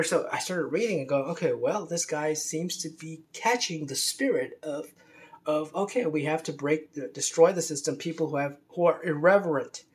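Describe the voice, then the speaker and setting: Man, unscripted monologue, rambling, many fillers and restarts, scornful edge, somewhat high voice. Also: a little mellow. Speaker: commentator on religion.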